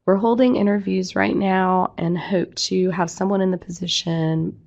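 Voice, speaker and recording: A woman executive director with a hoarse, croaky voice from losing it, giving a businesslike staff update with fillers. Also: mid-range voice, fairly even intonation, moderate pace, a little mellow, muffled recording. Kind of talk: online presentation.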